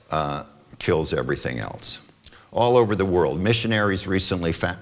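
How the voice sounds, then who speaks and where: A man with a very deep voice gives a church adult forum talk in a room with long reverb. He explains things in a relaxed, conversational way, stopping often with fillers and restarts, and now and then reads passages aloud from his notes. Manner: conversational lecturing with frequent fillers and self-corrections.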